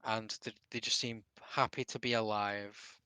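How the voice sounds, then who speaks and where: Male game master, rambling casual narration, bright tone. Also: lowish voice, fairly even intonation, a little slow, clear, resonant tone, no echo. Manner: loose, rambling narration with fillers and laughter.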